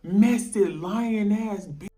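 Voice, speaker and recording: A woman voicing an angry young man who hurls insults in a low, menacing voice. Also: takes it slowly, warm tone, close to an everyday voice. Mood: hostile.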